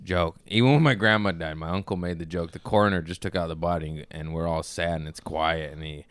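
A man's voice: deep voice, steady tone, fairly quick, clear, resonant tone, dry recording. Goofy, laughing man on a podcast. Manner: goofy, laughing often, rambling. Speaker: podcast guest. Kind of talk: casual comedic chat. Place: podcast studio.

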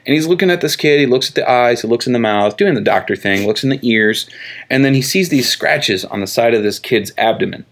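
A man co-hosting a podcast, casually retelling a comic story in a rambling way and dropping into quick voices for the characters. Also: mid-range voice, animated. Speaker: podcast co-host. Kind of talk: casual chat recapping a comic book. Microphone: tabletop mic across from co-host.

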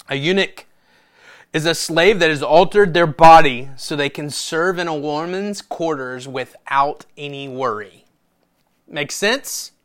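A man is preaching a sermon to his church as its pastor, telling a story and reading scripture. His fairly high voice swings from loud declarations to hushed asides.

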